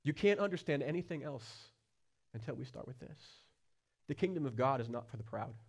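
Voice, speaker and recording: A man preaching a sermon as pastor, earnest, with questions put straight to the listeners and swings from quiet low passages to loud high-pitched stretches. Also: lively intonation, brisk, slightly rough. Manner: asks the listeners direct questions.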